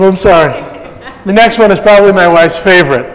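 This sermon comes from a pastor whose voice is high and light, moving at a fairly quick clip. He addresses the congregation casually and with bits of humor, his words ringing around a church hall full of reverb.

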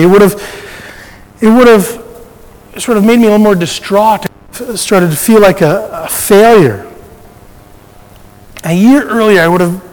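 A man's voice: high voice, in a large hall, rough recording. A man sharing a personal faith testimony in a conversational storytelling way, often restarting his sentences.

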